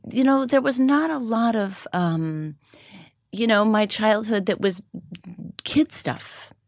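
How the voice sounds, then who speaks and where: A woman speaking as a guest, thoughtful and measured about her past. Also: a little high, a little mellow, dry recording, clean studio sound. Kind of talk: reflective interview talk.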